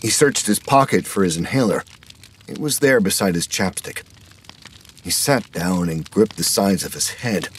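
A man narrating a horror story in a measured, dramatic manner. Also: deep voice, slight background noise.

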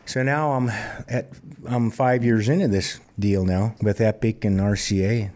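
Mellow-voiced man in his fifties telling stories. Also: lowish voice, unhurried. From Montana. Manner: relaxed, plainspoken anecdotal storyteller. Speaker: singer-songwriter guest. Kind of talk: conversational storytelling interview.

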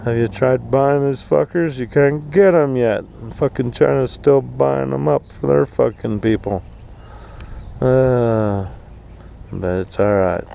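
A man's voice: mid-range voice, slow pace, creaky, dark tone, slight background noise. A man ranting bluntly and profanely in a casual outdoor vlog at an RV park. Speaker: vlogger.

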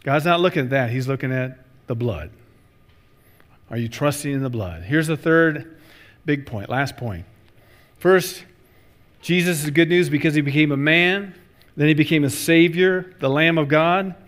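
A man's voice: fairly high pitch, normal speed, pauses often. A middle-aged male pastor preaching a sermon, telling stories with acted-out voices and repeating key phrases for emphasis. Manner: animated storytelling with acted-out voices.

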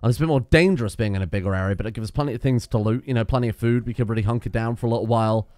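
A young man giving casual let's-play commentary, excitable, swearing and shouting at his teammates. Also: mid-range voice, rapid-fire, no room sound. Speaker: gaming video host.

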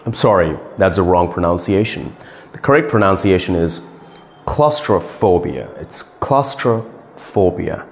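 A man playing a stern English teacher who spells words letter by letter and repeats them slowly and formally. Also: deep voice, in a large hall, natural voice. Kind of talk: comedic sketch acting.

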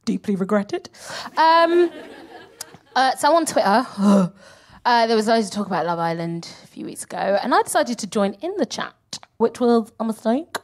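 A young woman performing a stand-up comedy set with lively, animated delivery and free swearing. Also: on the high side, moderate pace. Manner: animated, swears freely, acts out mocking voices. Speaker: comedian co-host. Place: live venue with audience.

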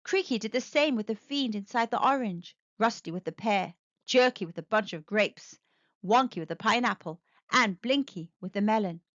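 A woman reading a children's storybook aloud, expressive and animated. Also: mid-range voice, moderate pace, no echo, dull audio.

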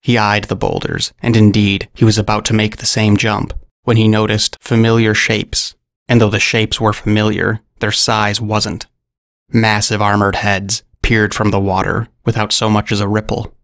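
A man telling a scripted story in narration, with a dry, deadpan humor. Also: on the low side, normal speed, dry recording.

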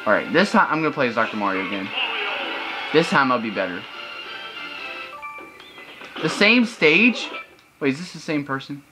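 A man's voice: mid-range voice, expressive, quick pace, rough recording. A young man hosting casual gameplay commentary, chatty and loose, breaking into frustrated outbursts. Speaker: gaming channel host. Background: video game music.

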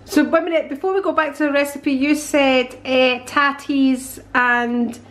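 A woman's voice: sits high, fairly even intonation, unhurried. A woman co-hosting a casual cooking chat, asking questions and keeping the talk on track. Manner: prompting, inquisitive. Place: home kitchen.

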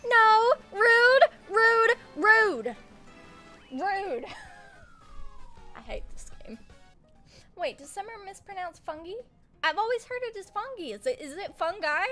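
High, lively woman gaming streamer. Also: unhurried, long pauses, soft background music. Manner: swearing, laughing, yelling at opponents. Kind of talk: live gaming commentary.

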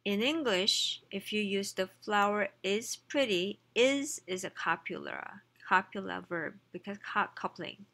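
Gravelly, bright woman teaching a lesson. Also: mid-range voice. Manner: reads Korean lines fast, then explains slowly in English; asides, slips and self-corrections. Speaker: Korean language teacher. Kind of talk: explaining a textbook lesson.

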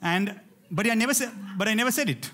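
A man preaching a lively sermon in church, calling out to his congregation and urging them to respond. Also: high-pitched, fast talker. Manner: animated, rallies the congregation with call-outs. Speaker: pastor.

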